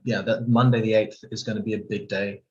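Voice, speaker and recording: A man's voice: lowish voice, flat delivery, brisk, a little mellow, muffled recording. A man on a video call discussing climate finance in a live online panel, hesitant and hedging with lots of fillers. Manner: hesitant, full of fillers and hedges.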